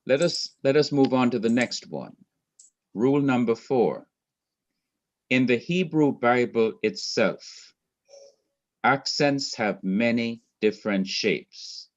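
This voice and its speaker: A man's voice: medium pitch, lively intonation, highs cut off. A man teaching a Hebrew class, laying out rules one by one in a methodical, repetitive way. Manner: slow, methodical, enumerating rules. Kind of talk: online class lecture.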